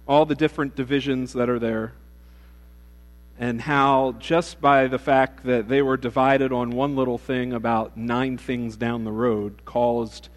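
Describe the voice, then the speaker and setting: Man, pastor, sermon, measured delivery, church microphone, long reverb. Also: mid-range voice. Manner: measured, prayerful, storytelling. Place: church sanctuary. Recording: reverberant hall with mains hum.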